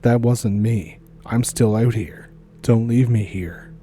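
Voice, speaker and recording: A man's voice: mid-range voice, takes it slowly, mellow, slight background noise, natural voice. A man voicing a creature that mimics a young man's voice and calls out pleadingly for help. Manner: pleading, calling out.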